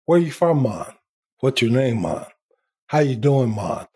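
A man's voice: medium pitch, big pitch swings, unhurried, mellow, breathy edge, voice pushed down, heavily acted. A man doing a teasing Jamaican-accented voice as a comic bit. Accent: Jamaican, put on. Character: jokey island man, cheerful and teasing.

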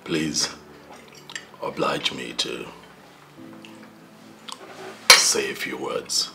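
A Nigerian actor playing a polite young prince giving thanks at dinner. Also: male voice, fairly even intonation, creaky, over loud music, full character voice. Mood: formal. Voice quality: slow, deep, formal.

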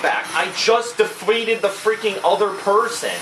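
A man giving live game commentary, his fairly high voice leaping up and down as he vents his frustration and curses at what is on screen. The room sounds echoey, and loud game noise plays under everything he says. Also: lively intonation, a little slow, few pauses. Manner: exasperated ranting, swearing. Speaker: gamer doing live commentary.

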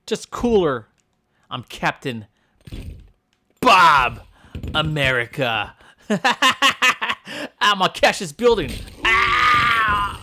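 Bob is a boastful, goofy strongman from a comedy game video, voiced by a man. He bellows and brags in a bright, lively voice that swoops all over. He drawls his boasts slowly, with a faint hiss behind him. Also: fairly high pitch, exaggerated voice. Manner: bragging, shouty, childish jokes. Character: boastful goofy male strongman destroying buildings.

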